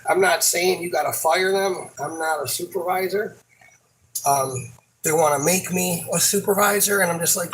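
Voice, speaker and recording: A man's voice: high-pitched, a bit bright, rough recording. A man who works at a supermarket, venting about a coworker in a rambling, frustrated way, swearing often and restarting his sentences. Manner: halting, many fillers and restarts. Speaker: supermarket worker. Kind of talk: casual venting monologue.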